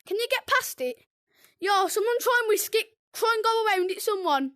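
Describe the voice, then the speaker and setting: A British gaming video host with an excitable, teasing manner, yelping and giggling while commenting on a game. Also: extremely high pitch, normal speed, no room sound, clean studio sound. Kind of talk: excitable let's-play commentary.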